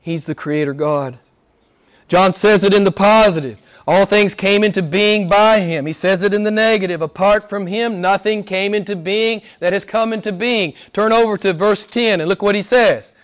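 Male pastor, middle-aged, high-pitched, emphatic sermon delivery. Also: normal speed. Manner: emphatic preaching with lists and scripture readings.

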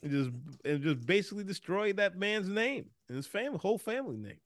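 A man's voice: high-pitched, big pitch swings, brisk, no room sound. A man co-hosting a casual movie podcast, rambling and restarting his sentences, speeding up when he gets worked up. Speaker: podcast co-host. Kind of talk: casual chat.

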